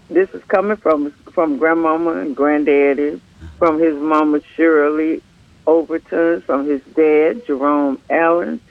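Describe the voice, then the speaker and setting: An older woman calling a radio show, speaking in a halting, friendly way with a groggy morning voice. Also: low-pitched, no room sound. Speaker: caller. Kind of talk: phone call-in chat. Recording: tinny phone line.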